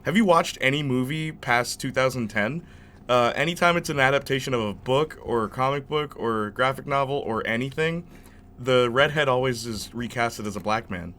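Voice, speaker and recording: Commentating casually on his game, a young channel host rambles along as a chatty storyteller. He has a mid-range voice with a bright, forceful tone and speaks at normal speed.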